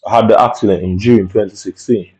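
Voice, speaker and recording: A man's voice: on the low side, fairly even intonation, fast, darkish tone, poor audio. A man with telling an angry personal story, rambling and profane, full of tag questions. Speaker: vlogger.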